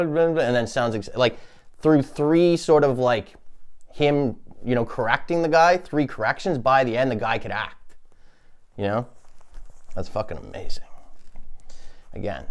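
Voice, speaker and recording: A man doing a crude, rambling comedy monologue, often laughing at his own jokes. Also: lowish voice. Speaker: comedy podcast host.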